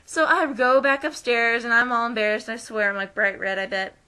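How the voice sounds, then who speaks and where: This young woman from the United States tells a story casually in her vlog, doing the voices of everyone she quotes with lively energy. She talks fairly quickly in a slightly high, clean voice.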